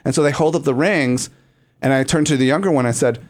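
A man's voice: medium pitch, fast talker. A man co-hosting a podcast in campy, playful casual chat, laughing often. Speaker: podcast co-host.

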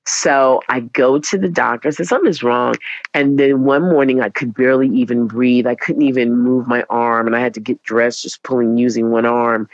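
Animated, profane woman storyteller, lo-fi. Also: rumbling low, normal speed, slight background noise. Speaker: teacher and podcast guest. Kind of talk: casual podcast chat. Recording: dull, dry lo-fi recording.

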